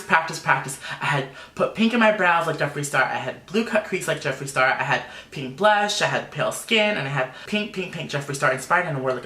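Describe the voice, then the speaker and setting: A young man, a makeup artist, telling a personal story in an animated, emotional vlog full of fillers. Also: a little high. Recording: roomy echo.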